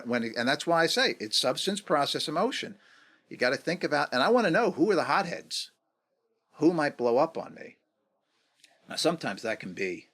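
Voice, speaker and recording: A man in his fifties, a guest on a podcast interview, talking reflectively and acting out quoted dialogue with lively swings in pitch. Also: slightly rough. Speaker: guest, negotiation executive.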